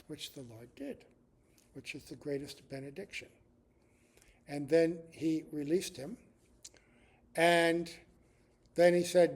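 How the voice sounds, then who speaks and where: An older man giving a spiritual class, retelling a scripture story in an animated way and often checking in with the listeners. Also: fairly high pitch, takes it slowly, long pauses. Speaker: spiritual teacher.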